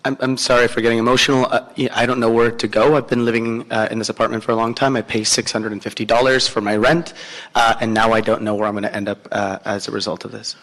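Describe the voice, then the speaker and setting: A man interprets public comment in a council chamber in a middle-pitched voice. He is hesitant and pauses often on fillers, and a long reverb trails his words. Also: flat delivery, a bit bright. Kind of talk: consecutive interpreting at a hearing.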